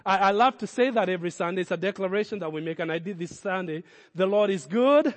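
A man's voice: high voice, fast, in a large hall. A man preaching a sermon as a pastor, speaking in emphatic, repeated declarations.

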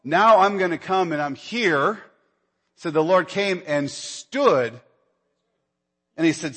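High-voiced preacher in a reverberant hall. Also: male voice, a little slow, long pauses, fairly bright tone. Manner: conversational preaching, acts out Bible dialogue, rises in pitch when stirred. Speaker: pastor. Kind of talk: sermon.

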